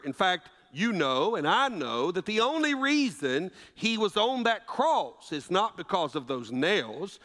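Lively high-voiced man preaching in echoing church. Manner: preaching with rhetorical questions, swings between loud and hushed. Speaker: pastor. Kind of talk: sermon. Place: church sanctuary. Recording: long reverb of a church sanctuary.

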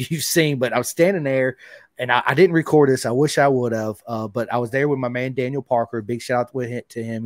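A man hosting a podcast, chatting casually and excitably, dropping "dude" and "man" throughout. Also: mid-range voice, no echo, clean studio sound. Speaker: podcast host. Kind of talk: casual interview chat.

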